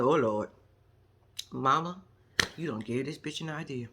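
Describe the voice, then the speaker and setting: Sassy animated woman recapping reality TV. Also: sits low, normal speed, long pauses, slight background noise. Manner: sassy, animated storytelling with acted-out quotes and laughs. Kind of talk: casual reality show recap.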